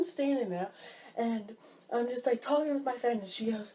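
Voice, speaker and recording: A woman's voice: a little high, normal speed, mellow. A young woman ranting casually about everyday pet peeves as a vlogger, exasperated and filling her talk with "like.". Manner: chatty, exasperated, heavy use of "like". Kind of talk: casual list rant.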